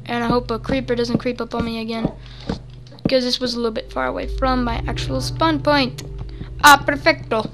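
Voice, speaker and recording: A woman hosting casual gameplay commentary, energetic and goofy, rambling on with lots of fillers into a close desk mic. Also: a little high, normal speed, over music. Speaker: gaming channel host. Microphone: desk mic close to the mouth.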